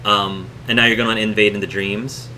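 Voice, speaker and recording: Man, game master, low voice, halting with ums, noisy room hum. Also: level tone. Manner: halting, many ums and restarts. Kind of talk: narrating a tabletop game.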